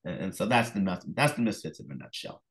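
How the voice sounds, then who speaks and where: A middle-aged man with a fairly low voice speaks casually as an interview guest. He tells stories with plenty of fillers and restarts, and he acts out phone calls and reactions with sudden bursts of energy. He sounds like he is on a remote call. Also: expressive, fast talker, a bit bright, poor audio. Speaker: author and illustrator, interview guest.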